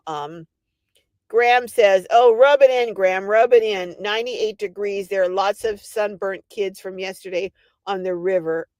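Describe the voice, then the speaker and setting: A woman's voice: mid-range voice, no room sound. An older woman hosting a casual livestream, telling a story animatedly and reading out viewer comments. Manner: animated storytelling, laughing often. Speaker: livestream host.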